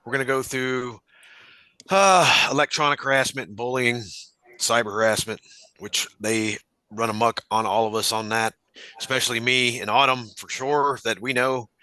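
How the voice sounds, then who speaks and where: A man hosting a livestream in casual talk, halting and filler-heavy, as he introduces his guests. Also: medium pitch, steady tone, bright, forceful tone, smooth, dry recording. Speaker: show host.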